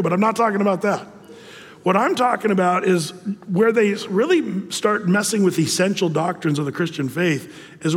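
A man preaching with animated scorn against false teaching, acting out the people he quotes. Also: high-pitched, in a large hall. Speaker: pastor.

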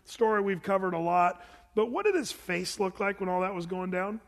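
Male preacher, high voice, chatty and playful, booming hall reverb. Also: lively intonation, moderate pace. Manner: informal, joking asides, acts out the people in the stories. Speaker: pastor. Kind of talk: conversational sermon.

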